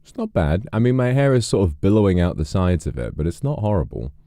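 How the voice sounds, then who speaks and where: A man's voice: sits low, lively intonation, fast, warm tone, no room sound. A man streaming, chatting casually with viewers, rambling with lots of fillers and restarts.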